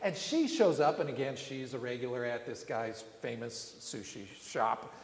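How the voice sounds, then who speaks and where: A man's voice: medium pitch, expressive, moderate pace. A man telling stories in a sermon, rambling with frequent restarts and fillers. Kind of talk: sermon storytelling. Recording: echoey hall with long reverb.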